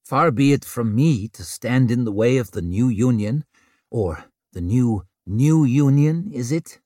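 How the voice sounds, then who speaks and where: A weary woman inquisitor, blunt and bitter, her voice lifted a little above a deep narrator's own, as he puts her on. She speaks in a storybook manner that is gruff and plain. The sound is dry and close. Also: normal speed, a little mellow, dry recording, lightly acted.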